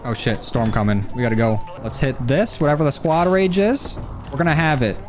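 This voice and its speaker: A man's voice: mid-range voice, a little fast, slight background noise. A man giving casual, cocky commentary on his own gameplay as a gaming YouTuber, with faint music and game gunfire behind him. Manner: animated, cocky trash talk.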